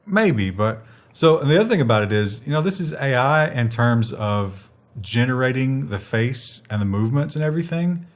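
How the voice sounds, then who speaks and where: A man's voice: medium pitch, lively intonation, moderate pace. A man co-hosting a tech news show in casual chat, rambling with many fillers and restarts.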